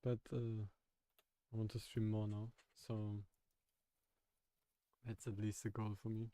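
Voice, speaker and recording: A young man streaming while coding, chatting casually with his viewers and thinking aloud in a halting way with frequent laughs. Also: on the low side, completely flat delivery, dark tone, no room sound.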